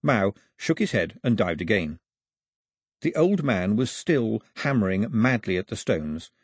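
A male audiobook narrator with a husky, slightly breathy tone and lively pitch that rises and falls with the story. The recording is close and dry. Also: no echo. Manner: expressive storytelling.

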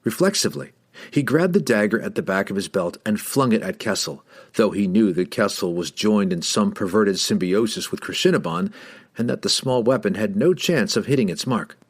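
A man with a fairly low voice reads a fantasy novel aloud. His pitch rises and falls widely, giving the battle scenes a dramatic, expressive lift. He sounds like a practiced audiobook storyteller. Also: moderate pace, husky. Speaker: audiobook narrator. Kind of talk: scripted narration of a fantasy novel.

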